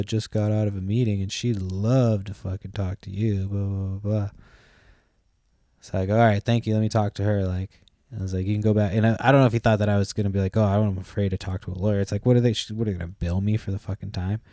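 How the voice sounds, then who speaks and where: Fairly quick and mellow, a young man with a lowish voice and little pitch variation hosts a podcast. He rambles through a long story, swearing freely and letting sentences fade with "like" and "blah, blah," captured in a dry, clean studio recording.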